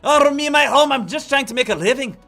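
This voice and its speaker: Man mocking a whiny male beginner trader: moaning, exaggerated, high, with soft music behind. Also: lively intonation, fast talker, vocal fry, exaggerated voice.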